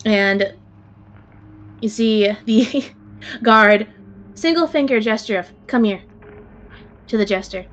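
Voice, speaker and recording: Woman gm narrating a tabletop game, slow and casual, swears a lot. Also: on the high side, highs cut off. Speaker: game master.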